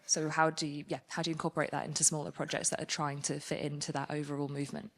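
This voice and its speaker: A woman's voice: low voice, little pitch movement, fast. A woman in the audience asking a polite question, searching for her words.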